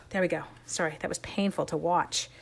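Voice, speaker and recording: A woman's voice: lowish voice, fairly even intonation, moderate pace, heavy background noise. Canadian lady doing a card-making demo, chatty, makes fun of herself while she works. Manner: chatty, self-deprecating, talks while working with her hands. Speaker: stamping and card-making demonstrator. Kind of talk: casual crafting tutorial.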